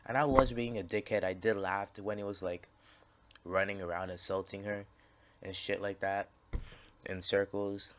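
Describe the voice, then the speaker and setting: A man's voice: fairly low pitch, fairly even intonation, normal speed, fairly bright tone, a little hiss or hum. A man casually telling a story over gameplay, rambling and swearing, with lots of fillers and restarts. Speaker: gaming channel creator.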